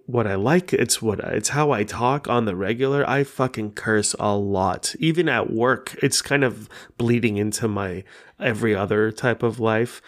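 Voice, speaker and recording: A man whose first language is Persian hosts his own podcast in frank, casual solo talk. He rambles with lots of fillers and swears freely. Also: mid-range voice. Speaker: podcast host.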